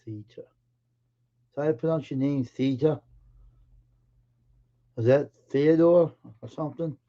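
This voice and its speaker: A man's voice: a little high, fairly even intonation, measured pace, dark tone, highs cut off. A man hosting a live stream in casual chat, greeting viewers by name and teasing them in an offhand way.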